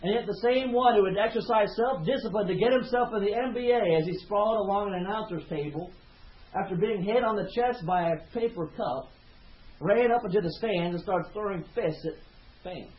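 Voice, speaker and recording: A man's voice: sits high, brisk. A male pastor preaching a sermon with passion, often repeating words and rising in volume as he builds his points. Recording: roomy, slightly dull sound.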